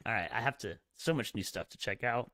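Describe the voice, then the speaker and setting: Young guy streaming a game, chatty and upbeat, lowish voice, dry close mic sound. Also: lively intonation, brisk, a bit bright, no room sound. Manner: chatty, upbeat, rambling with fillers. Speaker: streamer host. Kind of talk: casual live-stream chat while playing.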